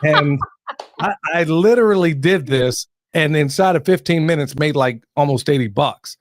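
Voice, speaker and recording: A man's voice: fairly high pitch, moderate pace, no room sound, clean studio sound. A man hosting a podcast interview, chatting casually and rambling with repeats and laughs. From Western North Carolina. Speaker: podcast host.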